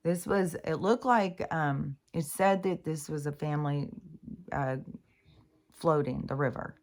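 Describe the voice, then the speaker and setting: A middle-aged woman with a low-pitched voice talks in a loose, rambling vlog monologue. She fills her speech with ums, likes and restarts, and swears freely. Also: measured pace, a little mellow. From Pacific Northwest US. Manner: rambling, profane, many fillers and restarts. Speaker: spiritual vlogger.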